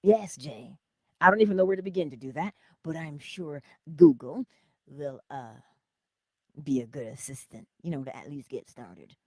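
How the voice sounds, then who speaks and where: A woman hosting a casual livestream, laughing often and greeting her viewers by name, calling them honey, with a lively and unhurried manner. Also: low-pitched, no echo, clean studio sound. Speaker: livestream host.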